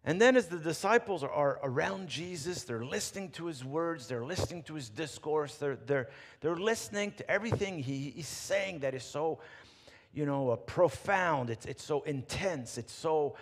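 A male pastor preaching a sermon, telling a story with animated retelling and frequent restarts. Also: fairly high pitch, moderate pace. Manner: animated storytelling, rephrasing as he goes. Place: church sanctuary. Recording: reverberant church hall.

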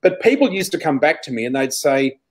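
Animated man telling stories. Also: fairly high pitch, brisk. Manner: animated, laughs often, acts out quoted dialogue. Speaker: psychic flower reader, interview guest. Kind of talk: storytelling anecdote.

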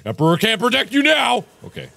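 A man's voice: extremely high pitch, huge pitch swings, brisk, vocal fry, sharp tone, dry recording. A man in his twenties hosting a let's play, talking jokily to the game's creatures, swearing and yelping when startled. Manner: jokey, swears a lot, yelps in surprise, chats to game creatures. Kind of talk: excitable gameplay commentary.

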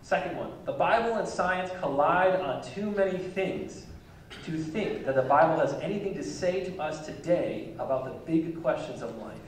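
A man delivering a sermon from the pulpit in a relaxed, conversational way. His voice sits a touch high for a man. It carries through a very echoey church sanctuary, picked up from a distance with a faint hiss behind. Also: normal speed. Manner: conversational, light chuckles between points. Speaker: pastor. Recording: echoey church hall from far off mic.

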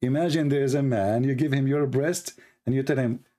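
A man's voice: medium pitch, steady tone, brisk, mellow. A man hosting a live stream. He delivers sarcastic, mocking commentary.

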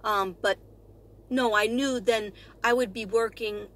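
A woman's voice: a little high, steady tone, measured pace, fairly bright tone, slight background noise. Chatty bubbly woman in her fifties. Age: 50s. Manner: bubbly, rambling, laughs often. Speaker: astrology vlogger; retired teacher. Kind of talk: casual chatty vlog.

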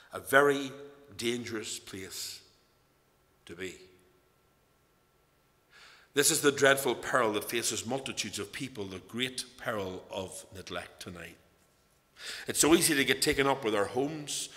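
A Northern Irish lay preacher delivers an evening sermon with earnest, storytelling emphasis. His voice sits mid-range, bright and forceful. Long reverb from the church hall trails each phrase. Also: mid-range voice.

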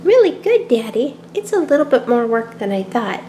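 A woman voicing a cheerful little girl bunny in a toy play-acting video, bubbly and squealing with excitement. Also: on the high side, normal speed, a little hiss or hum.

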